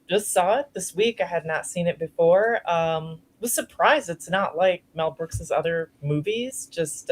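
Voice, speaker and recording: A woman co-hosting a casual podcast, reviewing a film with frequent laughs and mild slang. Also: on the low side. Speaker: podcast co-host. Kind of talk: casual chat, movie review.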